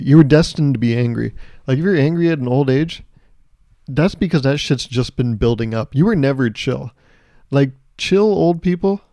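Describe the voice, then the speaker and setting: A man's voice: mid-range voice, creaky, dark tone, no echo, highs cut off. A man hosting his own podcast, ranting alone in a sarcastic, profane, joking way and often laughing at his own lines. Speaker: podcast host. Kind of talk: solo comedic podcast monologue.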